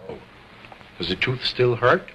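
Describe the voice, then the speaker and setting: A man's voice: medium pitch, sing-song, a little slow, sharp tone, slight background noise. A man performing as a ventriloquist on stage, speaking as a grand, formal showman. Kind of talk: stage comedy act.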